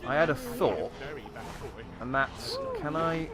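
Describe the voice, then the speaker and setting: A man's voice: a little high, wildly swooping pitch, slow. Chatty man commenting on a game. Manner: chatty, wry running commentary with hesitations. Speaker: gaming YouTuber. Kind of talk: let's play commentary.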